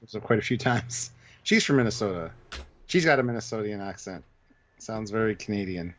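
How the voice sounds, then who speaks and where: A man's voice: on the low side, lively intonation, moderate pace, muffled recording. A man co-hosting a live stream, joking and reading out viewer comments. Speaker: show co-host. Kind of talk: casual livestream chat.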